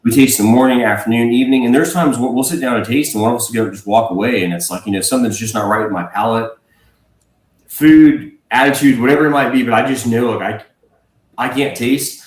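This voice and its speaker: A man, a whiskey blender, speaking casually as a livestream guest, relaxed and rambling with fillers and restarts. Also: mid-range voice, a little fast, echoey room, low-quality recording. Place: home.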